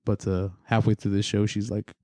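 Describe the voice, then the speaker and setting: A man's voice: fairly low pitch, little pitch movement, normal speed, darkish tone. A man on a casual podcast, teasing friends and telling anecdotes.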